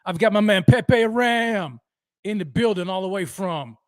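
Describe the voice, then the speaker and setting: Hyped high-voiced male livestream host. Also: a little slow, no echo, studio quality. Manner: hyped, energetic shout-outs to viewers. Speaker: host of a sports fan livestream. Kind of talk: livestream roll call chat.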